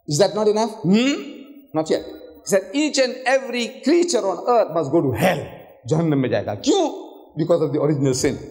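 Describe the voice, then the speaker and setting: An older man giving a public lecture on religion, telling stories with rhetorical questions and acting out the voices in quoted dialogue. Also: fairly high pitch. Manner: animated storytelling with rhetorical questions. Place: hotel lecture hall. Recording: echoey hall reverb.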